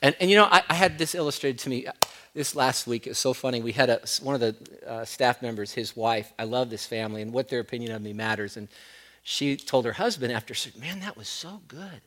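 A middle-aged man preaching a sermon as pastor, moving between loud emphatic points and quiet storytelling. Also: mid-range voice, quick pace.

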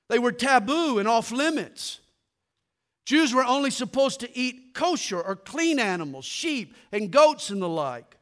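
A man preaching a sermon, telling stories with humor and dropping low and quiet for his punchlines. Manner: animated storytelling, drops to quiet for punchlines.

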